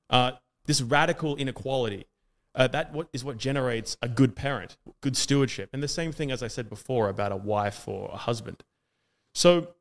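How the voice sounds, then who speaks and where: A man from Australia with an Australian accent, arguing in a debate in long run-on sentences with frequent fillers. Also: medium pitch. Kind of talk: argumentative debate monologue.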